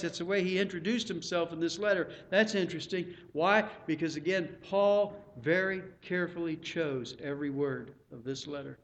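A middle-aged male pastor preaching a sermon, earnest and pleading, building to loud emphatic peaks. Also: fairly high pitch, normal speed, few pauses.

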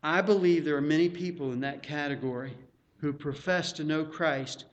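A man's voice: fairly high pitch, normal speed, lo-fi sound. A man preaching a sermon as pastor, emphatic and repeating words for stress.

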